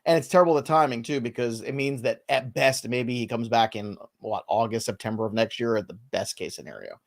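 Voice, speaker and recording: A man's voice: mid-range voice, animated, vocal fry. A man hosting a live fantasy baseball podcast, running through injury news with dry sarcastic asides. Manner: wry, sarcastic, quick rundown of injury news.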